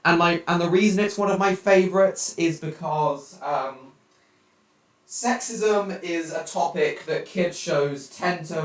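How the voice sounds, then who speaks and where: A teenage boy chats casually on a home live stream, answering his viewers' messages as they come in. His mid-pitched voice sits some distance from the mic, in a room with a noticeable echo. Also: fairly bright tone. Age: teens. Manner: chatty, reacting aloud to viewer chat messages. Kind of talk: casual live-stream chat while gaming.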